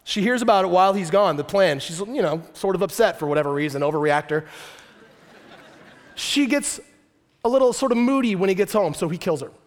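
Male preacher, fairly high voice, animated storyteller who jokes with the crowd. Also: fairly quick. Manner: lively storytelling with joking asides. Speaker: pastor. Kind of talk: sermon.

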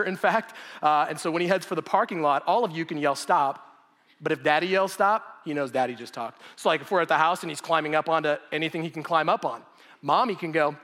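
A man in his thirties preaching a sermon to a congregation, animated and conversational, often repeating phrases for emphasis. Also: fairly high pitch, in a large hall. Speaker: pastor. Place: church gathering.

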